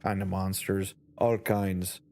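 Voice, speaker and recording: A man reading the lines of a blunt female bugbear guard from a game in his own flat voice. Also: sits low, slow pace. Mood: matter-of-fact. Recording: faint background music.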